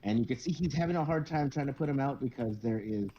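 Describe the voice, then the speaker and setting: A man narrating as game master of a tabletop game, casual and halting. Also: medium pitch, warm tone, lo-fi sound, slight background noise.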